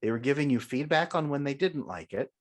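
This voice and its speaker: A man's voice: medium pitch, lively intonation, brisk. A man speaking as a coach and podcast guest, confident and emphatic, guiding the listener through an imagined scenario. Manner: emphatic and confident, often agreeing firmly. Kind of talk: conversational podcast interview.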